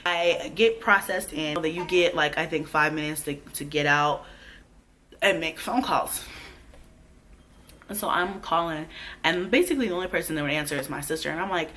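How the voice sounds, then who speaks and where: A young pregnant woman tells a storytime vlog, blunt and full of cussing. Her voice sits a little low but rings bright and forceful. A faint hiss runs under the recording. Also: moderate pace. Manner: profane, blunt, animated storytelling. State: heavily pregnant. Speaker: vlogger.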